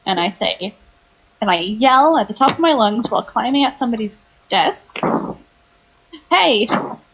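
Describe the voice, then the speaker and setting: A woman's voice: a little high, animated, normal speed, fairly bright tone, husky, highs cut off. A young woman playing a tabletop game, brash and gleeful, laughing as she describes her moves. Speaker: player.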